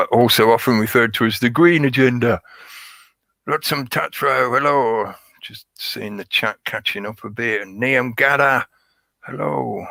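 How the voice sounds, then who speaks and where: A man's voice: medium pitch, measured pace, gravelly, sharp tone, dry recording, poor audio. A man hosting a casual livestream, talking at length in a rambling way and greeting chat viewers by name. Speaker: livestream host.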